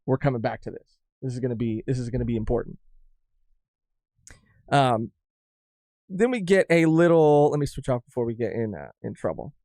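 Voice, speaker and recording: A young man co-hosting a podcast in casual chat, rambling and halting with frequent restarts. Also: medium pitch, a little mellow, no room sound, studio quality. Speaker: podcast co-host.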